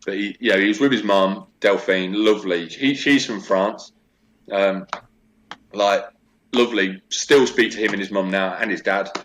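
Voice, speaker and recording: A man's voice: fairly low pitch, moderate pace, a little hiss or hum. A man in his forties, a guest in a casual interview, chatting and telling stories with lots of fillers. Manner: chatty, animated storytelling with many fillers.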